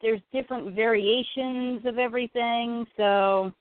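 Woman co-host, sleepy, yawning, fairly high voice, phone-quality audio. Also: fairly even intonation, measured pace, no room sound. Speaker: co-host of a toy collecting show. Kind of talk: casual chat.

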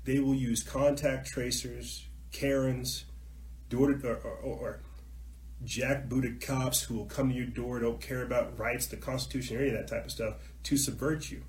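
A man hosting a call-in talk show, ranting heatedly and repetitively, swinging from low mutters to shouting. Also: steady tone, normal speed, reverberant, slight background noise.

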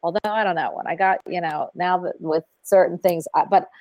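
A woman hosting a casual call-in radio show, effusive and quick to laugh. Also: on the low side, steady tone, a little mellow, no room sound.

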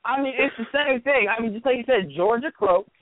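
A man's voice: very high voice, fairly quick, no room sound. A man co-hosting a sports talk show, making mocking, sarcastic asides about the local teams. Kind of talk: casual sports radio rant. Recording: tinny phone-like radio sound.

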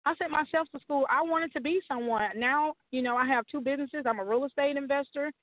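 A high-pitched woman pastor gives an emphatic, preacher-like testimony. She repeats her rallying lines again and again. Her voice comes dry and tinny, as if over a phone line. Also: a little fast, no room sound. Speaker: guest author and pastor. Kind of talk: testimony and encouragement on a talk show.

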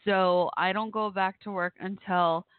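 A woman's voice: medium pitch, fairly even intonation, unhurried, clean tone, dry recording. A woman hosting a casual online radio show, her voice weak after the flu, chatting fondly with listeners. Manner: chatty, affectionate, addresses listeners directly. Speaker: internet radio host. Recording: tinny phone-like audio, dry.

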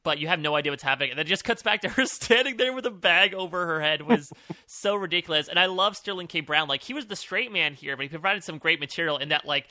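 Bright-voiced male podcast co-host. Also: a little high, fast, no echo. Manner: animated, upbeat, laughs often. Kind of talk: casual review chat.

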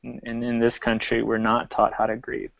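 Earnest, steady man on a video call, flat monotone delivery, dull dry lo-fi sound. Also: medium pitch, normal speed, gravelly, dry recording. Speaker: medium, call participant. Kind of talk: casual group video call.

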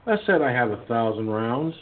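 A man's voice: mid-range voice, animated, moderate pace. A man hosting a casual radio talk show, telling a rambling story full of restarts and acting out his friends' lines. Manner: rambling storyteller, many restarts and fillers, acts out quoted friends. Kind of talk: casual call-in radio chat. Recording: tinny phone-line sound.

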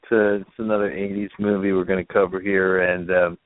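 A man's voice: low voice, little pitch movement, brisk. A man hosting a casual movie review podcast, talking hesitantly with many fillers. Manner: hesitant, lots of uh and um. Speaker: podcast host. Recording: dry phone-like sound.

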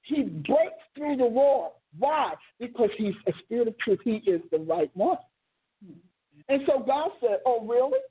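High, husky woman preaching over a phone line. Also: sing-song. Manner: emphatic, storytelling, drawn-out stresses. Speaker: teacher and author hosting a ministry show. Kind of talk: teaching sermon. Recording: tinny phone-line sound.

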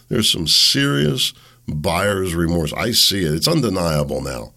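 A man's voice: deep voice, animated, normal speed, pushed and bright. A man hosting a solo political talk show, blunt and sarcastic, rambling with restarts.

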